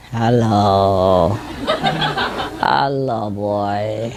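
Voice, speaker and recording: A woman with a medium-pitched voice, against a noisy background, acts as a spiritual teacher telling an audience informal anecdotes. She uses non-native English grammar with frequent "you know," laughs a lot and imitates her birds' calls.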